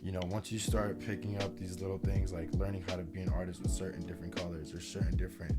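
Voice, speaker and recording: Low-voiced soft-spoken young man. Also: fast talker, loud music behind the voice. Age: 20s. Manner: relaxed, talks in loose run-on thoughts with many fillers. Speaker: podcast guest. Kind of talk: casual podcast conversation.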